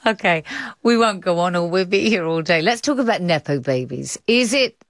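A woman hosting a radio arts show, brisk, playful and conversational. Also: on the low side, expressive, no room sound. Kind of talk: broadcast radio presenting.

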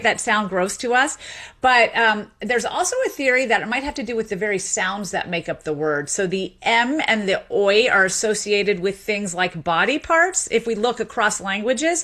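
A woman, a sociolinguist, explaining speech and accents as a guest in a radio interview. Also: medium pitch. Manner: lively explaining, quick asides.

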